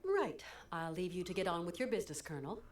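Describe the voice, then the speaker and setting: A woman's voice: fairly low pitch, lively intonation, fast talker, slight background noise, lightly acted. An actress with an American accent playing a composed, curious woman traveler in a video game, asking polite questions.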